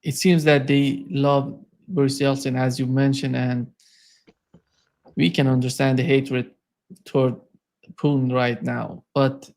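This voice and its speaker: Flat, gravelly interviewer man. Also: medium pitch, a little slow. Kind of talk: measured interview questioning.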